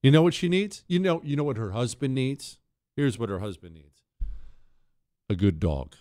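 A man's voice: mid-range voice, animated, moderate pace, mellow, dry recording, studio quality. A man hosting a talk show, ranting in a sarcastic, exasperated monologue.

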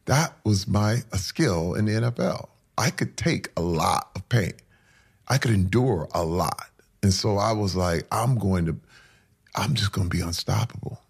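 A man with a gravelly, husky voice gives a candid interview. He tells heartfelt personal stories in an earnest way, with a roughness and a bit of breath in his tone. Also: lowish voice, moderate pace, a little mellow. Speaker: interview guest.

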